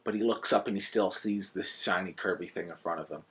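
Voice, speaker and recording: A man casually reviewing a book and retelling its stories in a conversational, animated way. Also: low voice, fairly quick, slightly rough.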